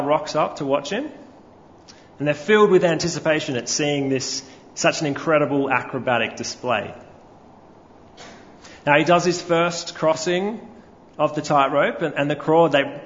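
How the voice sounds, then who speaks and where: A man's voice: a little high, a bit bright. Man preaching in a reverberant hall. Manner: storytelling, asks the congregation questions. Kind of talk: sermon. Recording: lo-fi recording with long hall reverb.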